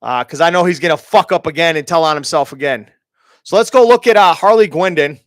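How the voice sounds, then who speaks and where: A man from Minnesota with a notably high voice rants on his stream, swearing hard and taunting the person he is talking about. The sound is close and dry, with no room around it. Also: brisk, no echo. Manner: profane, heated, taunting. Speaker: streamer host. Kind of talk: ranting commentary.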